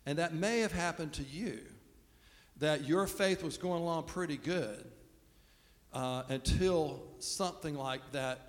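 A man's voice: fairly high pitch, unhurried. A man preaching a sermon as pastor, talking in a conversational, self-deprecating way. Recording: long reverb of a large hall.

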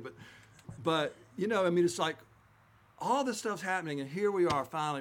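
A man's voice: fairly high pitch, animated, normal speed, a bit bright. A man preaching a conversational Easter sermon as a pastor, retelling scripture in a folksy, chatty way.

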